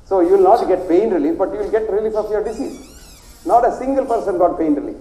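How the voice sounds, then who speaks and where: A man's voice: high voice, animated, quick pace, mellow. An older man with a South Indian accent, a doctor giving a rambling, emphatic lecture that repeats phrases for stress. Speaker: doctor giving a health talk. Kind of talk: lecture to an audience. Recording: echoey hall.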